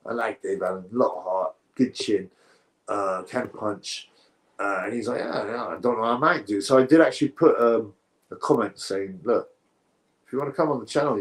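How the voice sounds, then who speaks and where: A man hosting a live boxing stream, chatting through viewer comments in a rambling, opinionated way and often correcting himself mid-sentence. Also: mid-range voice.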